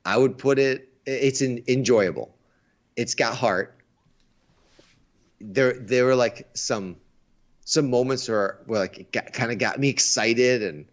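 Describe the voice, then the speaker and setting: A man's voice: medium pitch, unhurried, pauses often. A man chatting casually on a stream about movies and games, enthusiastic, often restarting his words. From United States. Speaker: stream co-host. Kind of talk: casual chat. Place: Asia. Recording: dull lo-fi sound.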